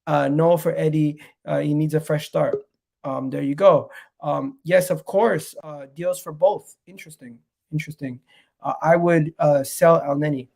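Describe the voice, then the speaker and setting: On a casual football stream, a host with a cold talks to his viewers in a chatty, meandering way. His voice is on the high side and steady but a little slow, creaky and darkish, with a nasal quality.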